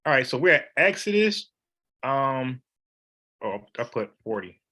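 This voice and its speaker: Bright-voiced man teaching the Bible. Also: medium pitch, sing-song, a little slow. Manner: emphatic, conversational, slangy.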